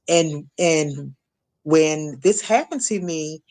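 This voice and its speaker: A middle-aged woman from Maryland giving an emotional personal testimony as an interview guest, halting, repeating words and acting out what others said. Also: low voice. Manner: halting, repeats words, acts out quoted voices. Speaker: guest, shooting survivor.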